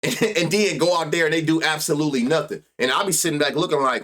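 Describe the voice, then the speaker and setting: A man's voice: fairly high pitch, a little fast, few pauses, fairly bright tone. A man hosting a live sports betting stream, reading stats and riffing loosely with plenty of profanity. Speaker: sports betting show host.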